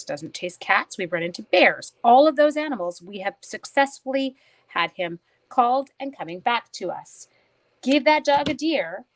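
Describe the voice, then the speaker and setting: This is a middle-aged woman from Canada talking casually through a live crafting stream. She is chatty and pokes fun at herself. She keeps greeting and answering viewers by name while she works on a card. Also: mid-range voice. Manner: chatty, self-mocking, talks to viewers by name while working. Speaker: papercraft demonstrator live-streaming.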